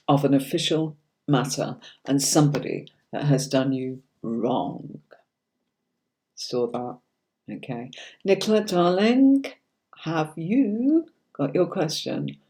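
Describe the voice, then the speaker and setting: A woman's voice: deep voice, lively intonation, slow, long pauses, a little mellow, a little hiss or hum. A middle-aged woman giving casual tarot readings on a livestream. She chats to viewers, reads out their comments and answers them by name, often calling them darling or sweetie. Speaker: tarot reader hosting a livestream.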